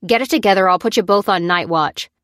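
A woman voicing a gruff, short-tempered male army sergeant who snaps out orders. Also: mid-range voice, fast talker, fairly bright tone, no echo, studio quality, lightly acted.

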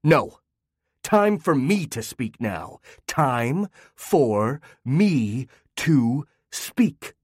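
A man voicing an angry, bitter father who shouts and sneers, in a dry recording. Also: medium pitch, big pitch swings, normal speed, no room sound, pitched above the performer's own voice. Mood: sneering.

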